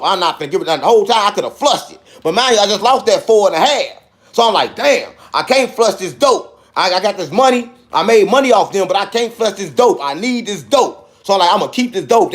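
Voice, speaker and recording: Telling a wild personal story in casual speech, this man gets animated, performing the dialogue himself and dropping in sound effects such as "boom."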